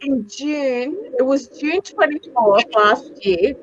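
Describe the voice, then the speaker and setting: A woman in her forties with a fairly high voice tells her stories in a big, dramatic, animated way. She swears casually and throws herself into each anecdote. The sound is muffled and lo-fi, like a video call. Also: takes it slowly, slight background noise. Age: 40s. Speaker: guest, psychic medium. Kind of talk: casual video interview chat.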